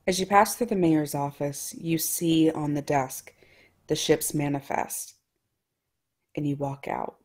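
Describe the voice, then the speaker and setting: A woman narrating a tabletop game as game master, in a relaxed, casual way. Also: low voice, a little slow, husky.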